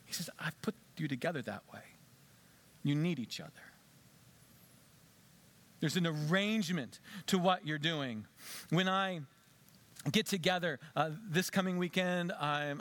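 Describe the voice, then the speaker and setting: A man preaching in a church with a slightly high voice, talking to the congregation in an easy, conversational way. He drops to soft, low tones to stress a point. It sounds like a pastor giving a sermon. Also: normal speed. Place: church sanctuary.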